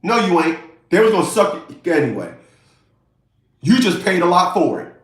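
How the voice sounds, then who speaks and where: A man ranting in a commentary vlog, animated and mocking, repeating himself for emphasis. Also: high-pitched, normal speed. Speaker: YouTube commentator. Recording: roomy echo.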